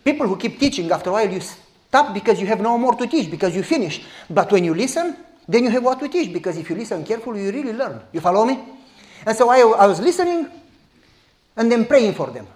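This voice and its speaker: A man, preaching as a pastor and telling a story in a lively, direct way. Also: high voice, fast, reverberant. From Romania. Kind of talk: sermon storytelling.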